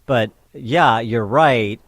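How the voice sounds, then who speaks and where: A man hosting a talk radio show, arguing a point with halting restarts that build into pointed questions. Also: medium pitch, a bit bright, dry recording. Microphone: studio microphone.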